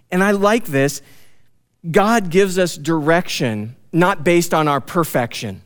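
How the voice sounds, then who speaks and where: Male pastor, sermon, bible reading with casual asides, clear resonant tone, slightly high pitch. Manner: conversational, emphatic, frequent "you know" and "man". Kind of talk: sermon, reading and explaining scripture.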